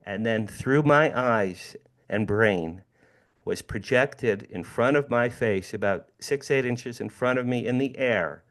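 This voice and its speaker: Man, 60s, from New Jersey; guest speaker, lively storyteller who repeats key phrases and addresses the room. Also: mid-range voice, slow. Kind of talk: personal storytelling talk.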